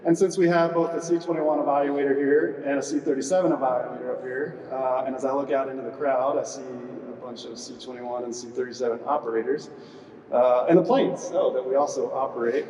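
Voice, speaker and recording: In a brisk, steady, mid-range voice that's a little mellow, a middle-aged man runs a retirement ceremony as squadron commander. He jokes, chats, bounces lines off the audience and leans heavily on "uh." The large hall makes the distant recording echoey.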